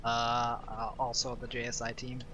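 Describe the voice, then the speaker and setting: A man giving a post-race interview as a driver, hesitant and monotone. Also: medium pitch, moderate pace, slight background noise.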